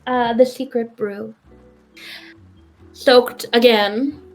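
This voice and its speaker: A woman's voice: fairly high pitch, steady tone, extremely slow, faint music behind. A woman playing a tabletop game, sassy and teasing. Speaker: player.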